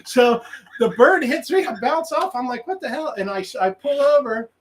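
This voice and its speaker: A man's voice: extremely high pitch, normal speed, slight background noise, poor audio. A man guest on a podcast, telling a rambling story and laughing as he acts out what he said. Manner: animated, laughs through his stories; rambling, many restarts and quoted self-talk. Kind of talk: casual storytelling.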